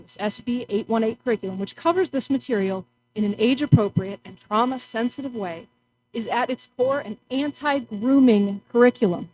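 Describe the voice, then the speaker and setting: A woman's voice: on the high side, a little mellow, slight background noise, rough recording. A woman parent giving a prepared, earnest public comment at a school board meeting. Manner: earnest, measured, reading from notes.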